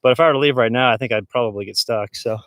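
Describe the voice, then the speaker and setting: A man's voice: mid-range voice, rapid-fire, fairly bright tone, dry recording. A man livestreaming from a snowy off-grid camp, talking casually and rambling with many fillers and restarts as he walks around. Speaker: vlogger livestreaming off-grid camping. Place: outdoors in snow and inside a large tent.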